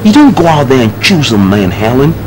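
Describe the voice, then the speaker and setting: A man's voice: medium pitch, big pitch swings, a little fast, crowd noise, close to an everyday voice, poor audio. An actor playing a young man, dismissively lecturing his fiancée about an arranged marriage. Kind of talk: film drama dialogue.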